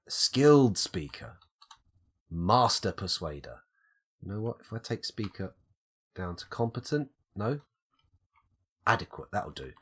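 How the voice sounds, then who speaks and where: Man, British accent, live game streamer, has a cold, husky, lively pitch, thinking aloud. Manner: thinking aloud, musing over options. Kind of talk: live gameplay commentary.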